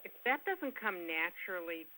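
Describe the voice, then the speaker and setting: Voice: mid-range voice, big pitch swings, moderate pace, bright, forceful tone, a little hiss or hum, low-quality recording. An audience member asking a trainer a question, speaking in a succinct, to-the-point way. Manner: succinct, self-described. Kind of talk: question from the floor.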